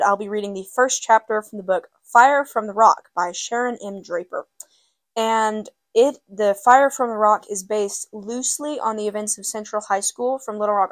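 A woman's voice: medium pitch, no room sound. A woman hosting a book segment, casually introducing a novel and then reading its first chapter aloud. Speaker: book reader and host.

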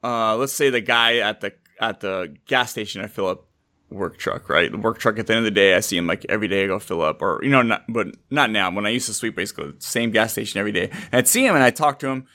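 A man's voice: on the low side, fast, bright, forceful tone. A man chatting casually, telling everyday stories and sometimes putting on voices for other people. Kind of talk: casual chat.

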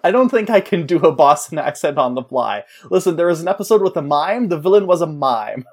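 A man's voice: a little high, lively intonation, brisk. A man co-hosting a podcast, chatting casually in a joking, rambling way and laughing often. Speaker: podcast co-host.

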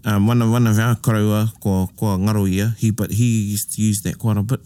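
A man's voice: on the low side, level tone, moderate pace, dark tone, dry recording. A man casually explaining Māori phrases and idioms, patiently giving examples and translations. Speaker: te reo Māori expert. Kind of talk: casual language chat.

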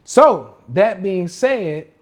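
A man's voice: high-pitched, lively intonation, very slow. A man hosting a casual livestream rant as a trading coach, slangy and emphatic, often repeating himself. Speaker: podcast host and trading coach.

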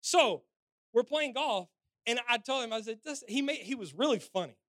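A man in his forties, a pastor telling a personal story in a sermon, animated and swinging between loud and soft. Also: very high-pitched, moderate pace, no room sound.

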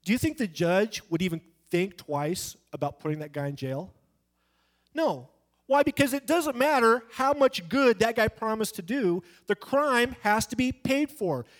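Preaching an evangelistic sermon, this high-pitched man sounds animated, unhurried and a bit bright. He is emphatic but conversational, voicing the characters in his anecdotes, and he pushes his delivery up and down sharply for effect.

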